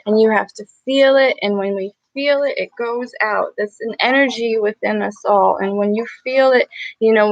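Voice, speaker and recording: A woman's voice: fairly high pitch, dry recording, muffled recording. A woman hosting a live gratitude meditation, talking earnestly and emotionally and repeating affirmations to her viewers. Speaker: meditation livestream host. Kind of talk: guided gratitude meditation talk.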